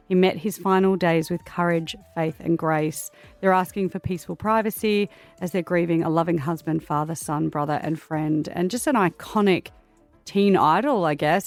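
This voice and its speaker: A woman with an Australian accent, a radio producer presenting news in a conversational, sympathetic way with ums and pauses. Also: fairly low pitch, a little mellow, no echo. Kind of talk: radio show chat. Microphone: studio microphone.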